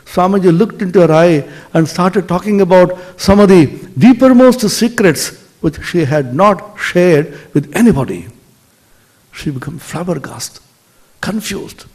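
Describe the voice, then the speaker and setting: Man, high voice, spiritual lecture, expressive storytelling, soft emphatic drops. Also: measured pace.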